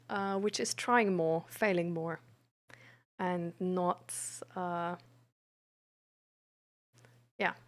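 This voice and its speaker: A woman streamer and peer support coach, chatting frankly and reflectively with her audience, pausing often with fillers. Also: medium pitch, creaky, a bit bright. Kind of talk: casual live-stream chat about mental health.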